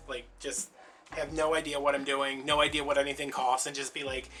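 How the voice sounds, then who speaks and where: A man's voice: medium pitch, flat delivery, a little fast, sharp tone, slight background noise. A man chatting casually while he makes a craft, telling stories and acting out the voices of people in them. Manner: chatty storyteller, acts out quoted voices. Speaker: crafting vlogger.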